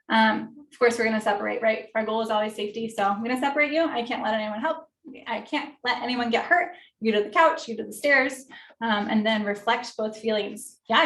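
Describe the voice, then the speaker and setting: A woman's voice: on the high side, fairly bright tone. Chatty woman therapist in an echoey room. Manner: friendly, conversational, many fillers. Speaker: occupational therapist leading a parent workshop. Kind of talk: informal teaching talk. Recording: roomy echo, distant mic.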